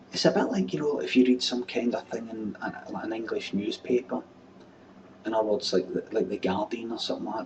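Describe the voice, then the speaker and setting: A Scottish man in his thirties hosting a webcam show, answering viewer questions in a blunt, sweary, exasperated rant. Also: on the low side. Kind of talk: casual ranting chat. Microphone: webcam mic. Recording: distant webcam mic with faint room noise.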